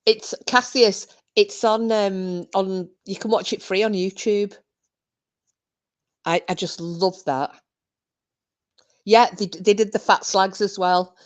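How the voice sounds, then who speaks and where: A woman's voice: mid-range voice, fairly even intonation, takes it slowly, pauses often. A woman hosting a podcast, reminiscing in casual chat, giggly and full of fillers. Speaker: podcast host.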